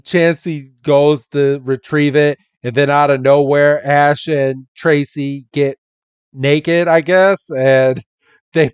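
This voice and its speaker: Slow-talking man recapping a cartoon. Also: a little high, clear, resonant tone, no echo, lo-fi sound. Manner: acts out characters' lines in goofy voices, laughs often. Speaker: podcast co-host. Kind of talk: casual episode recap.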